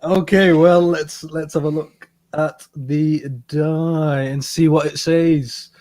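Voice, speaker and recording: A man's voice: fairly high pitch, level tone, slow, darkish tone. A man co-hosting a casual advice podcast in a studio, talking hesitantly with many fillers and frequent laughs. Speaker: podcast co-host.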